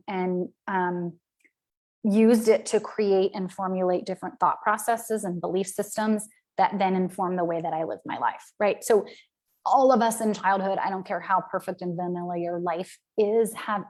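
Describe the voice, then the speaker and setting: Woman, from the southern US, business coach, casual live-stream talk, candid, chatty, frequent filler words. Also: mid-range voice. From American South. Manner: chatty and candid, peppered with "right?" and "um".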